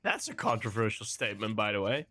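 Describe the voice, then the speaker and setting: A man casting a live match with play-by-play commentary, excitable and quick to exclaim between calls. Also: fairly low pitch. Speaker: esports caster.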